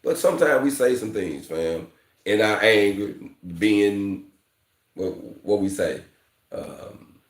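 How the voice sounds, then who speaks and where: A man's voice: fairly low pitch, slow, reverberant. A man teaching welding, talking candidly to his viewers in a casual vlog, often calling them "fam" and "you know". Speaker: welding instructor.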